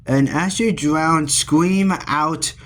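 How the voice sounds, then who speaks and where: A man voicing a bossy young boy who shouts orders while making a home movie. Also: fairly high pitch, drawn-out words. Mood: commanding.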